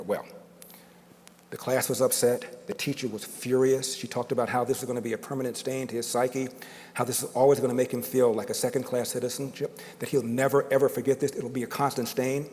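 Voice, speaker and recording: A man's voice: medium pitch, fairly even intonation, a little fast, darkish tone. An older man giving a storytelling speech to an audience, dramatic and building emphasis through repetition. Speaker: guest speaker. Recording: long reverb of a large hall.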